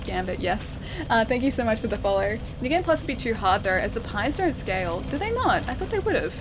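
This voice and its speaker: A woman's voice: on the high side, fairly quick, music in the background. A woman with an Australian accent giving chatty live gameplay commentary, laughing often and thanking viewers as she plays. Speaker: game streamer. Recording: steady background noise.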